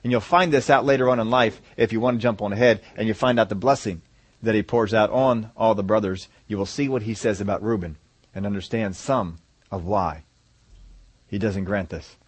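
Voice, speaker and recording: A male pastor giving a sermon, reading scripture aloud and explaining it with animated asides to the congregation. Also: fairly low pitch, fairly quick, husky, dry recording.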